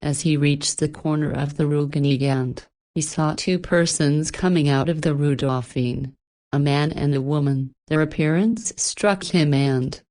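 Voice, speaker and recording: Low-voiced woman reading a novel aloud. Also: measured pace, a little mellow. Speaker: audiobook narrator. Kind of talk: scripted narration.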